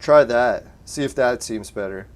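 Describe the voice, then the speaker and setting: A relaxed man with a mid-range voice chats on a casual live stream at a measured pace, laid-back and profane, swearing and laughing often. His home desk mic runs through a soundboard.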